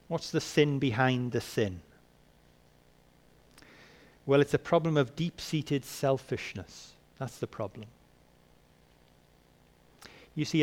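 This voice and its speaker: Male preacher, slightly high voice, rhetorical questions, emphatic bursts. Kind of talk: sermon.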